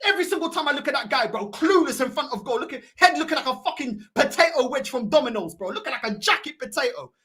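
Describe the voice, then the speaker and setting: Furious high-voiced woman ranting. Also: lively intonation, fast, hardly any pauses, fairly bright tone. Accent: London. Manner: furious, profane, mocking insults, switching into European Portuguese. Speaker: football fan channel host. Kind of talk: angry fan reaction rant.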